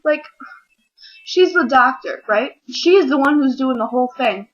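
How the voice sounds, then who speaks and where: A teenage girl ranting casually to camera, rambling and acting out little scenes in quick voices. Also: sits high, lively intonation, highs cut off. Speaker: vlogger. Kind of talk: casual comedic rant to camera.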